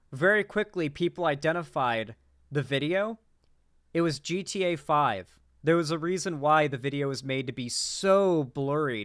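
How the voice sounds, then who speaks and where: Young guy ranting on stream, cursing, rambling, crisp clean voice, dead dry room. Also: mid-range voice, a bit bright, no echo. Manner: profane, incredulous, rambling. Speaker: political commentary streamer. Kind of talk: casual reaction commentary.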